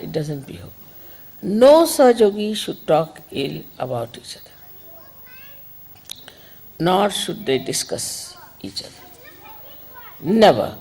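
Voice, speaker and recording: A woman giving an informal spiritual talk, conversational and digressive, gently admonishing her listeners. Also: mid-range voice, slightly rough, poor audio. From India. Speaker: spiritual teacher.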